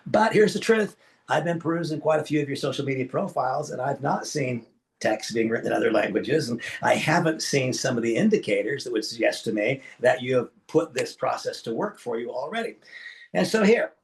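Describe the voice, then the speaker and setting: A man presenting a live online business training session, speaking emphatically and preacherly, with sudden jumps in pitch and loudness, and addressing his audience directly. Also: expressive, a little fast, creaky. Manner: talks to the audience directly as folks.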